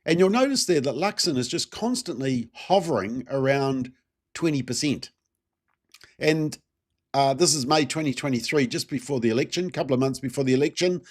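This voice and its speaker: A man's voice: medium pitch, expressive, normal speed, darkish tone. New man, solo commentary host, easygoing and rambling, asks the audience questions. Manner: conversational, many fillers, rhetorical questions to viewers. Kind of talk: casual solo political commentary.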